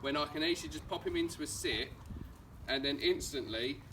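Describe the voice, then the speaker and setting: An Essex dog trainer works outdoors on a street during a home visit, explaining steps calmly and issuing brief commands to a dog. He speaks fairly quickly in a fairly high voice, recorded from a distance by a camera amid background noise.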